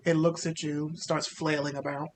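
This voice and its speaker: A man narrating a tabletop game as game master, casual and halting with many fillers. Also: a little high, flat delivery.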